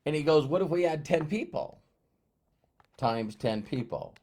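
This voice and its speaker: A man with a fairly high pitch speaks unhurriedly, telling a personal story as a motivational speaker. His storytelling is animated, and he acts out both sides of the exchange.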